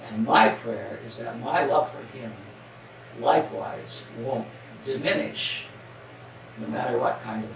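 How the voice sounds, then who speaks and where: A man's voice: mid-range voice, steady tone, a little slow, gravelly. A Canadian man delivering a spoken devotional in an earnest, emphatic way, leaning on repeated phrases. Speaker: devotional speaker. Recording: echoey room, distant mic, faint noise.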